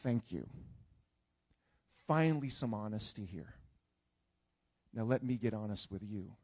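A preacher doing God, low and hushed. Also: male voice, animated, unhurried. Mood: reassuring. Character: calm gentle God speaking to a believer. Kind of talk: sermon.

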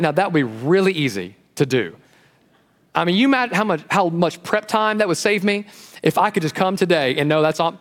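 Pastor, male, high voice, animated sermon delivery, long church reverb. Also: a little fast. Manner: lively and animated, acting out quotes. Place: church sanctuary.

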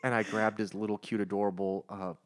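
A middle-aged man co-hosting a podcast, chatting casually in an excitable, emphatic, ranting way. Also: fairly low pitch, brisk. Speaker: podcast co-host. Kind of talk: casual chat.

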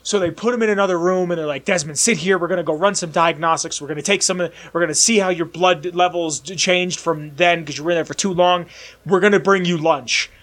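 High-voiced excitable young man telling a story. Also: fast. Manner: excitable, rambling, acts out voices in his stories. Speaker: podcast co-host. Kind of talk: casual chat, animated storytelling.

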